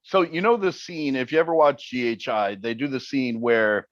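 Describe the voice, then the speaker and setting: A man's voice: mid-range voice, moderate pace, no room sound. Wry man on a slightly dull line. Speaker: interview guest, TV paranormal investigator. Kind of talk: casual interview chat.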